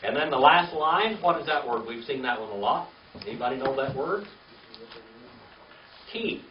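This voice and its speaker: An older man teaching a classroom Hebrew reading lesson, patient and slow, spelling words out letter by letter. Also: mid-range voice, expressive, slight background noise. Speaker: Bible language teacher. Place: classroom with a small group. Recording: echoey, distant, dull lo-fi room recording.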